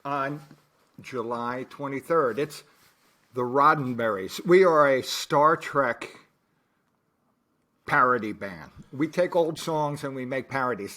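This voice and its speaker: A man's voice: fairly high pitch, normal speed, pushed and bright. A man co-hosting a podcast from a home studio, chatting casually and explaining things with asides. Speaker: podcast co-host, parody band musician. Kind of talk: casual chat.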